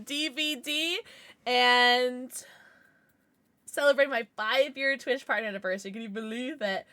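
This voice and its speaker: A woman livestreaming a game from home, chatting excitedly with her viewers and cooing at her pets. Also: a little high, normal speed, no echo. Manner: bubbly and excitable, greets chat; talks baby talk to her pets. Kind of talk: casual livestream chat while gaming.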